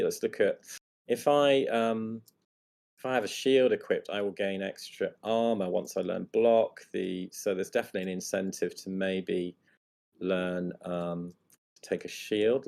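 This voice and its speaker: A man's voice: low-pitched, gravelly, a little mellow. A man demonstrating a tabletop board game, thinking aloud as he picks his gear and explains the rules to the other players.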